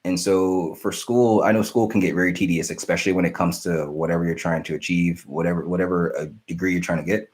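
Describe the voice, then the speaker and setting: A man's voice: low voice, steady tone, fast talker, hardly any pauses, a little mellow. A young man hosting a casual live stream, rambling and apologetic as he answers viewer questions. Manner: rambling, self-interrupting, apologetic.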